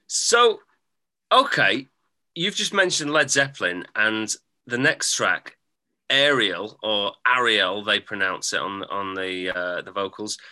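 An English man with a voice that is low but very bright and crisp. His accent blends northern and southern English. He talks through albums in a thoughtful, slightly hesitant way. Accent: English, mix of northern and southern. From England. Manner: thoughtful, hesitant, laughs easily. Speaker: podcast co-host. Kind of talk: casual podcast chat.

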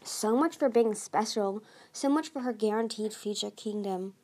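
A woman reading a fantasy novel aloud, slowly and haltingly, with frequent restarts. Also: mid-range voice, mellow. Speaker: audiobook reader. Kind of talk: amateur audiobook narration.

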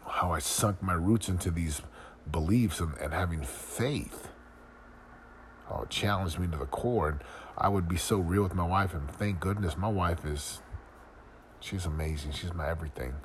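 A middle-aged podcast host with a very low voice talks at a moderate pace through a personal reflection, earnest and confessional, full of searching questions. A faint hum of room ambience sits in the background.

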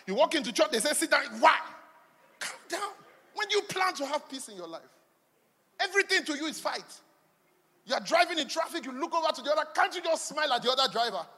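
A man preaching a sermon, swinging between loud declarations and quiet asides. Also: fast talker. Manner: animated preaching, swinging from shouts to low asides. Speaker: pastor. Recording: long hall reverb.

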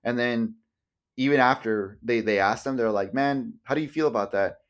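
A young man talking loosely on a podcast, stringing thoughts together with "like" and casual swearing. He slips into quoted voices as he tells a story. His pitch sits in an ordinary middle range. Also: moderate pace, clean tone. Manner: rambling, full of "like", swears casually, acts out quotes. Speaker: podcast co-host. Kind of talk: casual chat.

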